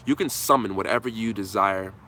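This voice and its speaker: Guy on a livestream hyping viewers up, sharp bright tone, little hiss behind. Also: on the low side, fairly quick. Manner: impassioned, repetitive, casual "man" fillers. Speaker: channel host answering viewers. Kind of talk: live motivational Q&A.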